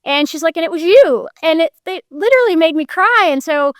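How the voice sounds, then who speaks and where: A woman guest on a talk show, telling personal stories in a lively conversational way and acting out the voices of the people she quotes. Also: very high-pitched, brisk, dry recording, studio quality. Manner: animated, acts out quoted voices. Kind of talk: conversational storytelling.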